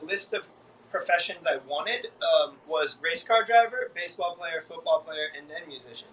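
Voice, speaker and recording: A man with a bright, somewhat high voice jokes and rambles, full of fillers. He sounds set back from the mic, with faint noise in the room. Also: lively intonation, moderate pace, recorded from a distance, rough recording. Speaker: band drummer. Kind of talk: casual video interview.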